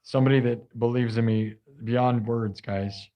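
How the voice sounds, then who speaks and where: After hours of yelling, a young man on a live stream sounds hoarse, his throat sore. He thanks his viewers in a casual, gushing ramble, moving between loud hype and soft asides, with a mid-range voice, fairly even intonation and a measured pace.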